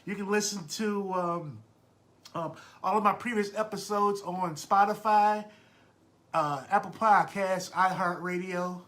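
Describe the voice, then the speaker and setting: A podcast host talks to his live listeners in a loose, friendly way and greets them by name as they join. His voice sits high and sounds bright and forward. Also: a little slow. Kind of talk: casual live podcast chat.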